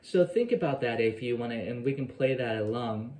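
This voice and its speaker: A man's voice: medium pitch, expressive, a little fast, a little mellow, a little hiss or hum. A man teaching a guitar lesson, scatting the phrases he plays and counting beats aloud between loose, rambling explanations. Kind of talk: guitar lesson with scat-singing. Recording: roomy sound with guitar playing behind. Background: guitar playing.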